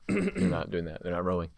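A man with a low voice talking quickly and with lively swings of pitch as he co-hosts a podcast in casual chat. He teases and jokes a lot. The recording is close and dry. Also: creaky, no room sound. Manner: joking, teasing banter. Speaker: podcast co-host.

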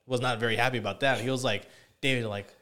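A young man talks fast in a loose, rambling way, swearing constantly as he tells stories. His pitch sits in an ordinary middle range for a man. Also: steady tone, bright, forceful tone. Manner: profane, rambling storytelling. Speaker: podcast co-host. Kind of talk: casual chat.

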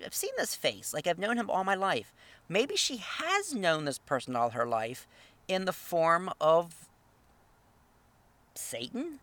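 Man, literature teacher with a Northern US accent, bright slightly high voice, chatty lecture. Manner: conversational, tag questions, reads quotes aloud with lifted pitch. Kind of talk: lecture reading and analyzing a short story.

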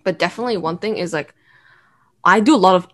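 A woman's voice: on the low side, fast talker, fairly bright tone. A young woman co-hosting a podcast, speaking reflectively with hesitant fillers in casual chat. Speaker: podcast co-host.

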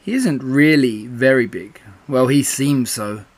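A man voicing a kindly, simple young male bear in a storybook reading, gentle and earnest. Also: medium pitch, a little slow, close to an everyday voice.

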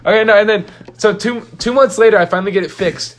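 A teenage boy in casual chat, telling an animated story and laughing through his words. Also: high voice, fast talker.

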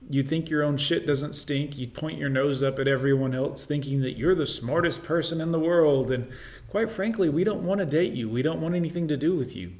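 A man's voice: a little high, a little fast, a little mellow. A man giving blunt, opinionated reaction commentary in a lecturing tone.

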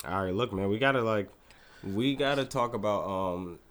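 A young man with a fairly low voice co-hosts a podcast, talking loosely and rambling. He swears often and drifts between thoughts in casual chat. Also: normal speed, fairly bright tone. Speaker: podcast co-host.

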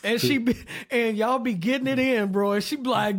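A man's voice: extremely high pitch, brisk, few pauses. A man co-hosting a podcast in casual chat, telling stories, laughing and acting out quotes. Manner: animated storyteller, laughs often, acts out quotes. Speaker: podcast co-host.

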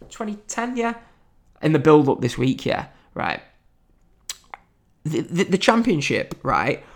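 A man in his late twenties rants casually as a podcast host. His pitch swings widely as he goes from loud, sweary outbursts to low, grumbling mutters. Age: 20s. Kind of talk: casual ranting commentary.

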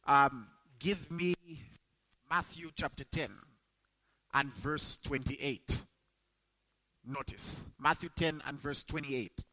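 A young adult man preaching a sermon to students, rising sharply in pitch when he quotes scripture. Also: takes it slowly, long pauses, bright, forceful tone, poor audio. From Zambia. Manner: emphatic, rises sharply when quoting scripture.

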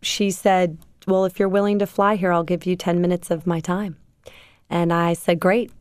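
Lively storytelling woman, dry studio sound. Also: on the low side, normal speed, clean tone, no echo. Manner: lively anecdotal storytelling, quotes herself and others. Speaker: guest, company founder. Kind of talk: storytelling interview.

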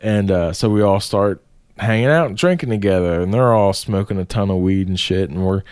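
A man casually telling a rowdy story with a lot of swearing and animated delivery. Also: deep voice, fairly quick, clean tone, no room sound, studio quality.

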